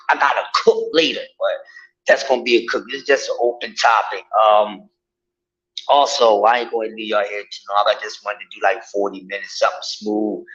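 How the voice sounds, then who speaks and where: A man ranting casually to his viewers, in an animated, profane and mocking way. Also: medium pitch. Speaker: vlogger. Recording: dull lo-fi audio.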